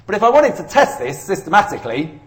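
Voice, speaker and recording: A man's voice: high-pitched, very animated, fast talker. A man giving a university statistics lecture in a chatty, rambling way with self-deprecating humour. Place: lecture room.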